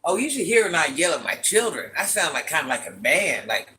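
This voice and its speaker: Woman, raspy deep voice, forceful and bright tone, chatty livestream host, teasing and direct. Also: big pitch swings, brisk. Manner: chatty, teasing, talks straight to viewers. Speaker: livestream host reading chat. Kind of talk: casual live chat with viewers.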